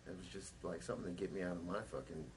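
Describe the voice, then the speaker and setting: A man, a punk musician, telling a rambling personal story in an interview, swearing and pausing on fillers. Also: sits low, steady tone, a little hiss or hum, poor audio. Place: record label office.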